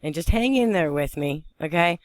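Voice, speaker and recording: A woman from western Pennsylvania vlogging on a phone, excitable and rambling as she talks, often breaking into laughter. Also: lowish voice, normal speed, dry recording. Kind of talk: excited spiritual vlog narration.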